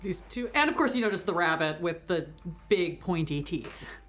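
A woman narrating as game master of a tabletop game, lively and quick to laugh. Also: lowish voice.

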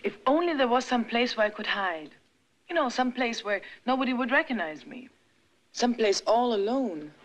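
A woman's voice: on the high side, lively intonation, moderate pace, close to an everyday voice. Flirty French actress, as a woman plays her. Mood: anxious. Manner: flirtatious, coaxing, breathless. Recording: dull 1960s film soundtrack, faint hiss.

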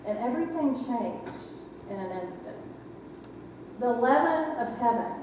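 A woman's voice: fairly high pitch, expressive, measured pace, noisy background. A woman pastor giving a reflective sermon, often asking the congregation questions. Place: church sanctuary. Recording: echoey church hall from far off.

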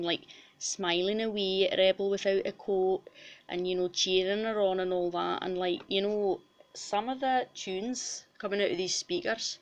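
A woman's voice: medium pitch, muffled recording, lightly acted. A woman voicing a foul-mouthed female cow mascot with a Scottish accent, boisterous and rowdy in a comic puppet interview.

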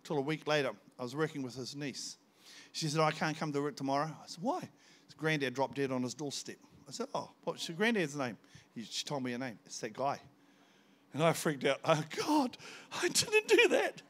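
An older man, preaching a sermon in church, telling personal stories and acting out the dialogue with bursts of shouting. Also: mid-range voice, a little fast. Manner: storytelling, animated, bursts into shouts when acting out scenes. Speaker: visiting pastor.

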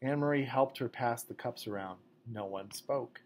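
A man reading a novel aloud at a measured, fairly quiet pace. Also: mid-range voice. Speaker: audiobook narrator. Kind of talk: scripted narration.

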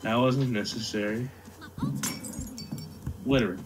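A man's voice: medium pitch, takes it slowly, over loud music. A man chatting casually while playing a game with friends, swearing and joking crudely. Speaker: gamer. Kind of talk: casual gaming chat.

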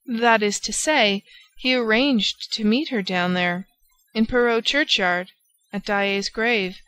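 A woman's voice: medium pitch, slow, fairly bright tone, clear, resonant tone, faint music behind. A woman voicing a cheerful, affectionate old lady in an audiobook, speaking gaily and fondly. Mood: confiding. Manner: gay, affectionate, chiding. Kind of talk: audiobook character voice.

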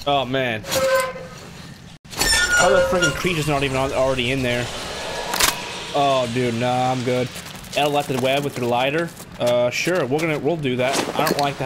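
A young man giving excitable let's play commentary on a game, jumpy and shouting when startled. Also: mid-range voice, heavy background noise. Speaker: gaming video host. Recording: loud game sound under voice.

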